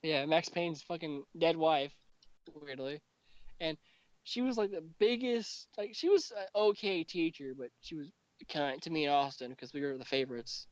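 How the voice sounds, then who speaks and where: A man's voice: a little high, animated, moderate pace, no room sound. A young man hosting a casual podcast, telling a school story with lots of swearing and acting out what his friends said. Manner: profane, mocking, acts out quotes of friends. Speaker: podcast host. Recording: dull lo-fi home recording.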